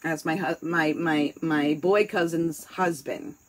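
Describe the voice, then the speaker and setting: A woman's voice: deep voice, fairly even intonation, slow pace, poor audio. A woman with a New York accent chatting casually, candid and rambling, swearing freely as she talks. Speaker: host. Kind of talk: casual chat.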